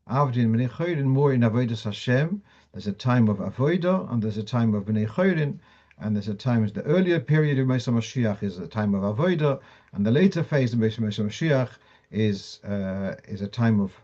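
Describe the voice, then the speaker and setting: A man's voice: mid-range voice, warm tone, lo-fi sound. A man teaching a class on Jewish law, explaining step by step with restarts and fillers, mixing Hebrew and Yiddish terms into English. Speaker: Torah teacher.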